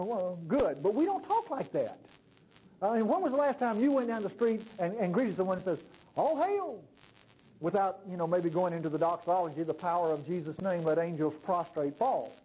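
A man's voice: high-pitched, mellow, slightly rough, poor audio. A male pastor preaching a sermon in a conversational way, often asking the congregation questions.

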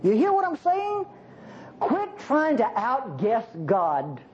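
A preacher delivering a sermon in an animated way, with jokey asides to the congregation. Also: high-pitched, takes it slowly. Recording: slightly dull recording with faint hiss.

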